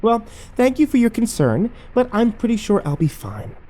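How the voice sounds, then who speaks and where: Kind, sarcastic nurse, put on by a man, pitched high. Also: sing-song, moderate pace, warm tone. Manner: soothing, dryly sarcastic. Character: gentle, sarcastic young female nurse.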